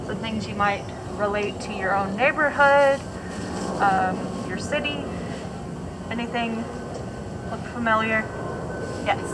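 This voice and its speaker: Slow-talking woman educator with students. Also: a little high, heavy background noise. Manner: friendly, laughs easily, asks students questions. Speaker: station educator. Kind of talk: hands-on classroom lesson.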